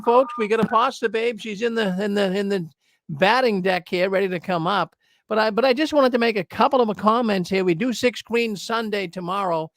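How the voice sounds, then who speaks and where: A man's voice: high-pitched, a bit bright, dry recording, clean studio sound. A man hosting a call-in show, talking in a folksy way and often repeating his words. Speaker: host.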